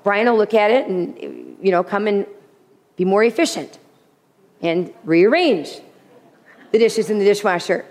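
A woman preaching a sermon with humor, animated, often repeating her key phrases. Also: medium pitch, unhurried, long pauses. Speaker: women's speaker. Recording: long hall reverb.

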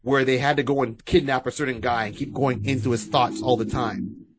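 A man's voice: medium pitch, steady tone, fairly quick, a little hiss or hum. A man co-hosting a podcast, chatting casually and rambling with restarts and asides. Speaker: podcast co-host. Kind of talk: casual chat.

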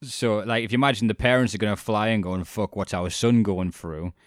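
Male co-host, low pitch, dry booth sound, animated storyteller. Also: a little fast, no room sound. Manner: animated storyteller, acts out quotes, laughs often. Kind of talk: casual chat retelling a documentary.

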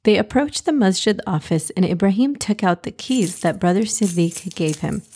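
A woman narrating a children's storybook in a gentle, expressive reading manner. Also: mid-range voice, normal speed, slightly rough.

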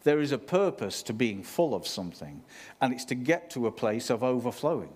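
Guy preaching, chatty and animated, mid-pitched voice. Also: fairly quick, husky. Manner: conversational, animated preaching with asides. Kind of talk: sermon.

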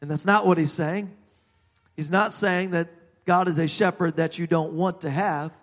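A man preaching a sermon, halting and repeating words, growing emphatic as he goes. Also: on the high side, steady tone, big-room sound.

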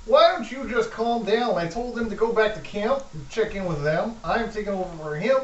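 A man at a tabletop game talks as his sly cultist character, joking as he goes. His voice sits a little high for a man. It sounds roomy and distant, with a dull lo-fi tone. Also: fairly quick. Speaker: player. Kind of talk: tabletop role-play.

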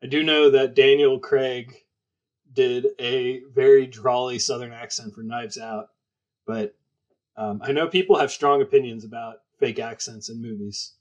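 A married man co-hosting a casual film podcast, easygoing and quick to laugh. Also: mid-range voice, steady tone, dull audio. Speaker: podcast co-host.

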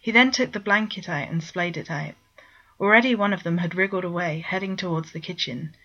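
A woman reading fan fiction aloud with plain, steady narration. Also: lowish voice, a little fast, lo-fi sound. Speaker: story reader.

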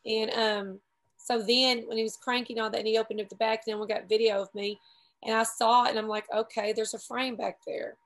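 A woman's voice: on the high side, level tone, poor audio. Chatty woman telling a story. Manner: chatty, rambling, quick to laugh at herself. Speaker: paramotor pilot telling a story. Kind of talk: casual group chat.

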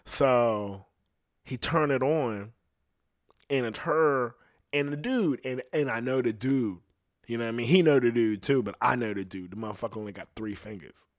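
A young man spins a crude, profane story in loose casual chat, rambling through restarts and breaking into laughs along the way. His voice sits at an ordinary middle pitch. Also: normal speed, no echo, studio quality. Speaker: podcast storyteller.

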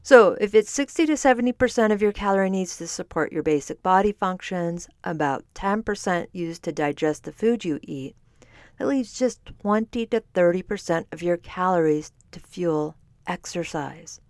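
Low-voiced woman explaining nutrition. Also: lively intonation, moderate pace, darkish tone, dry recording, clean studio sound. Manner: explanatory, conversational, self-correcting. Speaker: podcast host, fitness and nutrition coach. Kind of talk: solo podcast talk. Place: standing while recording.

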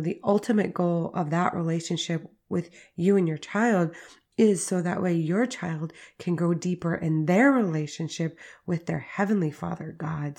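Gravelly-voiced woman hosting a parenting podcast. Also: lowish voice, mellow. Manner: conversational, uses "like" and "right?" as fillers. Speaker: podcast host. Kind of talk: casual teaching monologue.

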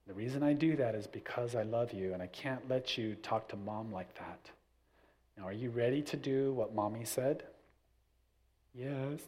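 A middle-aged man talking casually about raising children, acting out little family scenes as he goes. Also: on the low side. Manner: animated, acts out little scenes with family voices. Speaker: parent giving parenting advice. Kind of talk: casual talk.

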